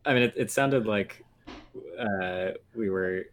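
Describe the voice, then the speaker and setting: A man's voice: fairly low pitch, slow. A man co-hosting a podcast in casual chat, playful and joking, laughing often. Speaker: podcast co-host.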